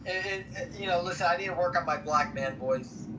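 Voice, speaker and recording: A young man bantering and mocking people on a live audio chat, joking loudly with sudden outbursts. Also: sits high, a little fast, distant mic, noisy background. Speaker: chat room participant.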